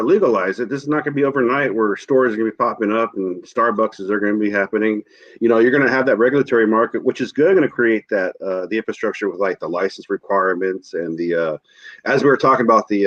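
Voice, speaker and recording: A man's voice: on the low side, fairly bright tone, highs cut off. A man co-hosting a podcast, ranting and swearing freely in casual chat. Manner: heated, swears freely, rants. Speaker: podcast co-host.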